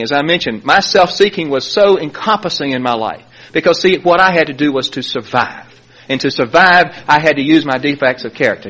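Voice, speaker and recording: A man's voice: a little high, slightly rough, rough recording. A man giving a personal recovery testimony as a meeting speaker, telling his story with chuckles along the way. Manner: animated storytelling, chuckling as he talks.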